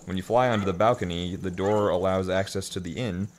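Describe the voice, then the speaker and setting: Deep-voiced man reading a game guide. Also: steady tone, fairly quick, a crowd in the background. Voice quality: deep voice, reads steadily, swears when annoyed. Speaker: co-host of a gaming let's play. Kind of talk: casual gaming banter, reading a guide aloud.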